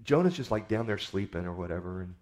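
A man's voice: low voice, expressive, quick pace, darkish tone. Folksy, conversational male preacher. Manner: conversational storytelling, folksy, repeats words. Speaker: pastor. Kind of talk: sermon.

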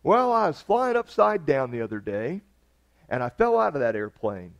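A man voicing a down-home fellow excitedly telling a tall tale in a sermon joke. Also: on the high side, moderate pace, gravelly, dry recording. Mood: eager. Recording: dull lo-fi recording.

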